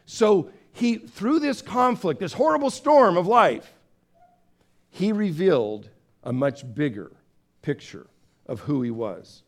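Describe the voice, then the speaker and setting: Pastor, male, slightly high voice, lively sermon delivery, acts out the characters. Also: slow pace. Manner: animated storyteller, acts out voices with big pitch swings; conversational, with fillers and restarts.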